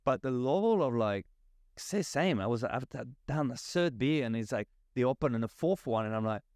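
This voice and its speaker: A man's voice: medium pitch, a little fast, no echo, clean studio sound. A man, chatting loosely as a podcast guest about his work. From South of France. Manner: rambling, restarts often, animated. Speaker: guest, spirits brand advocacy manager. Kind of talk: casual podcast conversation.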